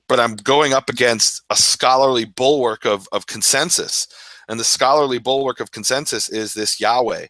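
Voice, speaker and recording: A man with a bright, forceful voice tells his story as an interview guest, lively and quick to laugh. He acts out his own past words as he goes. The sound is dry and close, with no room around it. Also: mid-range voice, no room sound. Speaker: Hebrew scholar guest.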